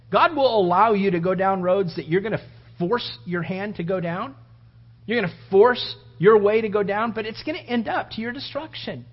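This pastor has a very high, husky voice and preaches in a conversational, repetitive way, playing out the story in different voices. The recording sounds dull and lo-fi.

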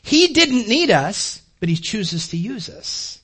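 A man's voice: high-pitched, big pitch swings, takes it slowly, sharp tone, husky. An older man preaching a sermon as a pastor, talking to the congregation in a conversational way and often repeating words while he builds a point.

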